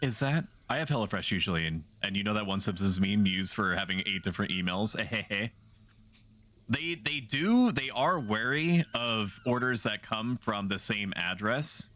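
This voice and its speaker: A man's voice: on the low side, expressive, normal speed, fairly bright tone. A man livestreaming a video game, chatting casually with his viewers in a playful, rambling way and often poking fun at himself. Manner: playful, rambling, self-mocking jokes. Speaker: streamer. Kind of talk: casual gaming livestream chat.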